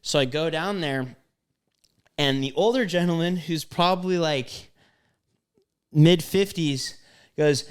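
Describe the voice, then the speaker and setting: A man co-hosting a podcast, telling a story in casual chat, animated and profane with lots of fillers. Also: fairly high pitch, slow, pauses often, clear, resonant tone. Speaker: podcast co-host.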